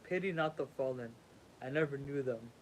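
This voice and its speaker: Sleepy guy reading old scripture out loud on a stream, trips on words and goes back, average pitch, faint hum behind. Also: normal speed, rough recording. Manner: stumbles and rereads words while reading. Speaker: livestream host reading a sacred text aloud. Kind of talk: halting reading aloud with live asides.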